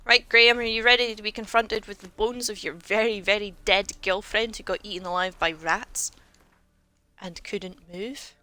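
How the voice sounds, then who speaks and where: A woman's voice: mid-range voice, fairly even intonation, moderate pace, bright, forceful tone, dry recording. A woman commentating casually on a video game as she plays, sarcastic and joking, with lots of swearing. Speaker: game streamer.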